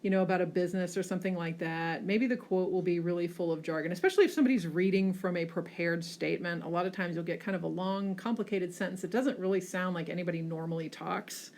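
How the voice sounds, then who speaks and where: A woman teacher giving a classroom lecture over slides, often checking in with a quick "okay?" and pushing hard on key words. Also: fairly low pitch. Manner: frequent checking "okay?" tags, lively emphasis.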